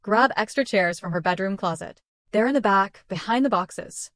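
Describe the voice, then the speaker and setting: A woman's voice: medium pitch, moderate pace, fairly bright tone, dry recording, natural voice. A woman reading the lines of a controlling middle-aged mother-in-law with a sugary, bossy way of talking, recorded dry.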